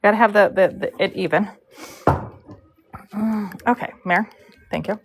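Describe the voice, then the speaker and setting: A woman's voice: medium pitch, measured pace, slight background noise. A woman live-streaming as she braids hair, telling a rambling story in a chatty way, full of fillers and asides about her work. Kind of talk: casual storytelling while working.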